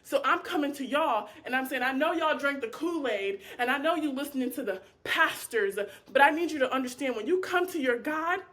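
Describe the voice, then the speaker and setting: A woman teaching an informal Bible study speaks with passion and animation, acting out prayers and dialogue and casually calling her listeners "y'all." Her voice is high, and she talks fairly quickly with few pauses.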